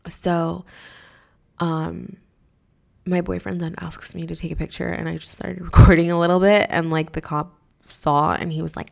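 Gravelly, low-pitched woman telling a story. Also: level tone, normal speed. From Mexico. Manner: profane, exasperated, rambling with many fillers. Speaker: podcast host. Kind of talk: casual storytelling.

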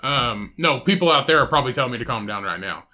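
A man's voice: mid-range voice, animated, fast talker, crowd noise. A man co-hosting a podcast, ranting and swearing heavily in casual banter. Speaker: podcast co-host.

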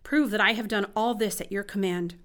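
A woman's voice: medium pitch, brisk, natural voice. A woman reading the lines of a bold, fervent male prophet in an earnest, declaiming way. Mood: declaring.

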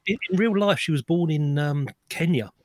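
A man's voice: a little high, normal speed, a little mellow, no room sound. A man co-hosting a casual film podcast, sharing trivia in an informative, anecdotal way. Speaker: podcast co-host.

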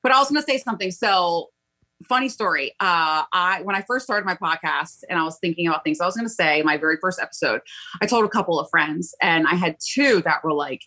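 A middle-aged woman talks as a guest on a podcast, blunt and unashamedly profane, laughing through her own stories. Her voice is bright and husky. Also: lowish voice, lively intonation, fast, low-quality recording. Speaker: podcast guest, fellow podcast host. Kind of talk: candid casual interview talk.

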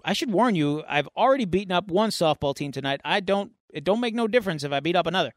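A man's voice: sits high, animated, quick pace, no room sound, studio quality. A man voicing a self-pitying, wisecracking masked male antihero from a comic, whiny and sarcastic.

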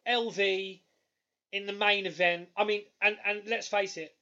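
Excitable high-voiced man. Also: unhurried, lo-fi sound. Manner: excitable, animated storytelling with loud bursts. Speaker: podcast co-host. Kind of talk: casual chat.

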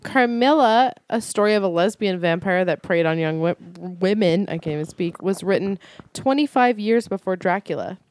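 A woman's voice: mid-range voice, expressive, moderate pace, darkish tone. A woman co-hosting a casual comedy chat, sharing trivia facts in a playful, teasing way. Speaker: podcast co-host.

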